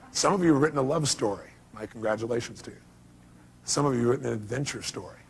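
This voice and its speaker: A man's voice: mid-range voice, gravelly, fairly bright tone, breathy edge. A middle-aged man giving a motivational seminar talk, emphatic and quizzing the audience with questions. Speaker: motivational speaker.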